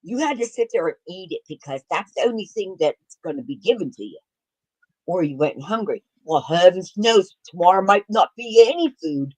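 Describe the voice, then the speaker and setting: A woman's voice: lowish voice, lively intonation, normal speed, a little mellow, dry recording, low-quality recording. A woman in casual chat, speaking reflectively and trailing off into hesitant fillers.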